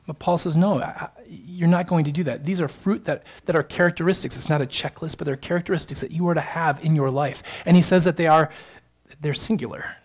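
A man's voice: a little high, a little fast, breathy edge. A married man preaching a sermon, emphatic and building to fervent repeated phrases. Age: adult, married. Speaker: pastor.

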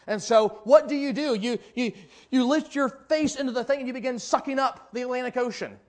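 A preacher with a very high voice delivers a sermon, acting out the people he quotes. He swings from loud, shouted lines to quiet, drawn-out ones. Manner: dramatic, voices characters, swings from loud to hushed. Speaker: pastor.

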